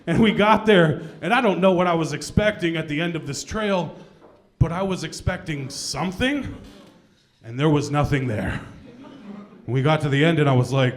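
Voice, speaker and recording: Self-mocking stand-up man, higher voice. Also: normal speed. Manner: self-deprecating, laughs at his own jokes. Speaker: stand-up comedian. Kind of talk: stand-up comedy set. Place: comedy club stage.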